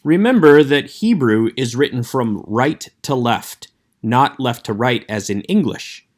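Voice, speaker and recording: A man teaching an online Hebrew class, explaining letters in a clear, measured way and slowing down to demonstrate sounds. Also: mid-range voice, animated. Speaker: Hebrew instructor. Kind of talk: recorded online lecture.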